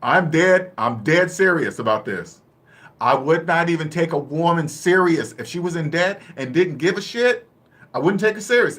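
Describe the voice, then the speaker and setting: A man talking bluntly and casually about money and debt, laughing often and acting out quick little dialogues. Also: a little high, a bit bright. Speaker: personal finance vlogger. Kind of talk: casual live-stream talk.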